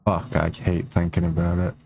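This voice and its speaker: A man's voice: completely flat delivery, moderate pace, creaky, noisy background. A young man streaming a game, chatting casually and rambling, swearing a lot and talking to his cats. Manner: rambling, profane, talks to his cats in a high baby voice.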